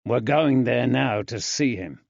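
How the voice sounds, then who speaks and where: A man's voice: mid-range voice, measured pace, creaky, no room sound. A man doing a dry sarcastic sidekick. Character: plain-spoken dry male constable sidekick. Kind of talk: audiobook character voice. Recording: dry, slightly dull.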